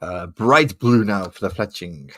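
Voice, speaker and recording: A man with a Manchester accent talks casually as he paints, drifting between remarks, half-sung repetitions and chuckles at his own jokes. His voice sits a little low for a man, and he keeps a loose, rambling, conversational flow. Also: lively intonation, measured pace, sharp tone. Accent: Manchester English. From England. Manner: rambling, sings and hums to himself, repeats phrases, laughs at himself. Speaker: miniature painting streamer. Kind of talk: casual chat while painting.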